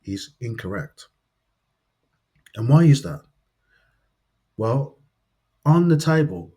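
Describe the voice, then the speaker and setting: Man, language teacher, methodical explaining, lowish voice, unhurried delivery. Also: animated, a little mellow, slightly rough. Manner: careful, methodical explaining with worked examples. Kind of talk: grammar lesson narration.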